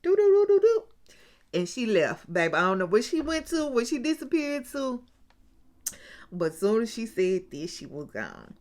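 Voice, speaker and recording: Speaking at a normal speed in a sing-song, medium-pitched voice, this woman recaps a reality TV show casually. She plays out what people said and keeps breaking off for chatty asides to her viewers.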